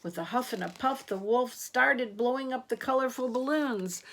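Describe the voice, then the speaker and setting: A woman reading a storybook aloud to children, gentle and asking the listener questions. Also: fairly high pitch, normal speed.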